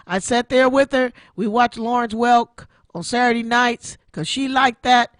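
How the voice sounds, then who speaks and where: A woman's voice: a little high, unhurried, no room sound, clean studio sound. A woman in her sixties hosting an online radio show, giving an emotional personal testimony and repeating her phrases like a preacher. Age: 60s. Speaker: internet radio show host.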